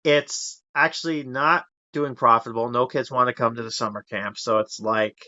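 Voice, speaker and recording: A man's voice: mid-range voice, steady tone, moderate pace, pushed and bright, no echo, highs cut off. A young man hosting a casual podcast, rambling through a story recap with frequent laughs and fillers. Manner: rambling, laughs often, acts out character voices. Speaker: podcast host.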